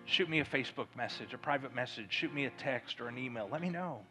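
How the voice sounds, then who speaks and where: A man preaching a sermon as pastor, leading his congregation in call-and-response and prayer with emphatic delivery that swells to loud fervor. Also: mid-range voice, animated, fast talker, hardly any pauses, breathy edge, faint music behind.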